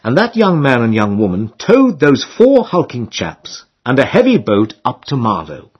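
A male narrator reading a comic novel with a wry storytelling touch. His voice is husky and his pitch moves a lot, rising and dipping through the sentences. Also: wildly swooping pitch, moderate pace, dull audio. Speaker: audiobook narrator.

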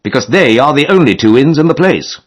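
A man's voice: medium pitch, expressive, brisk, voice pushed up, close to an everyday voice. A man reading aloud, voicing a matter-of-fact village local who gives directions. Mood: helpful. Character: helpful male village local, middle-aged.

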